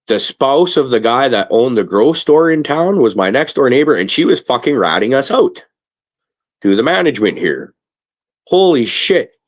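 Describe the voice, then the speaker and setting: A Canadian man hosting a casual cannabis talk show, rambling and swearing a lot. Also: deep voice. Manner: profane, rambling, animated rants. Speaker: podcast host. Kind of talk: casual stoner chat.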